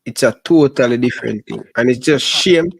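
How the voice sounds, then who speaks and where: A man's voice: mid-range voice, a little fast, creaky, slightly rough. Jamaican man chatting in patois. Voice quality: relaxed patois storytelling. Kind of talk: casual chat.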